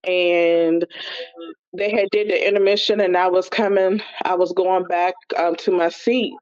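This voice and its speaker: A woman, a gospel singer and actress, telling her story in a chatty, animated way over a remote call. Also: on the low side, a little slow. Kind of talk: casual storytelling interview. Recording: muffled remote call audio.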